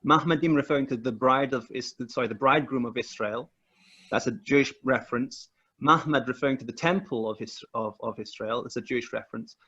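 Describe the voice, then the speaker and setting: A man's voice: mid-range voice, brisk, a bit bright, husky, dull audio. A man walking through word meanings in a careful explanatory talk, often repeating words as he shares his screen on a video call. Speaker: guest researcher.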